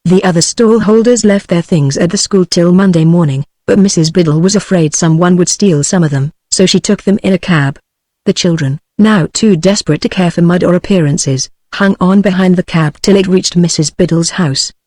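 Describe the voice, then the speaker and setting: A woman's voice: fairly low pitch, moderate pace, no room sound. Synthetic British woman reading a story. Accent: British English. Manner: even synthetic reading with little character change. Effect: text-to-speech voice. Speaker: audiobook narrator. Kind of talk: scripted narration.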